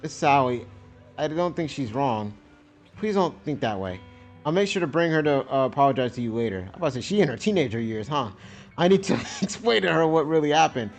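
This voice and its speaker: A man reading aloud the lines of a soft-spoken grieving widow and mother in a game, low and subdued. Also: expressive, a little fast, soft background music, close to an everyday voice.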